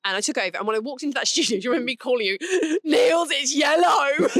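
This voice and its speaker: Sex: woman. Role: podcast host. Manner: animated storyteller, quick asides, fast and bright. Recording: dry, close. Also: on the high side, no echo. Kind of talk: casual podcast chat.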